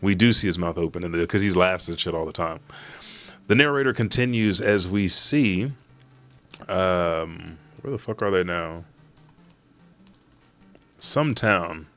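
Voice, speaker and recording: A man hosting a casual reaction, reading a chapter aloud. He swears freely and gets excited. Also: low-pitched, a little slow, long pauses, soft background music. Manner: profane, excitable, reads quoted lines aloud. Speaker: manga reaction host.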